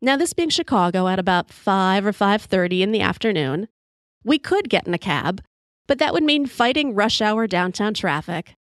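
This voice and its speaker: A podcast host delivers a conversational monologue of wry, profane stories while sipping whiskey. Her mid-range voice is expressive and moves at a normal speed, captured in clean studio sound with no echo.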